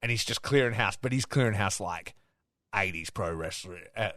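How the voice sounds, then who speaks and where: Man, low voice, casual podcast co-host, excitable storyteller, swears a lot, dry close sound. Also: normal speed, no echo. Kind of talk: casual wrestling podcast chat.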